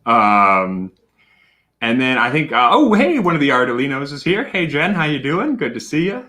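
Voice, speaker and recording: A man hosting a casual livestream, chatty and animated, with plenty of fillers and shout-outs to viewers. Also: mid-range voice, normal speed. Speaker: livestream host.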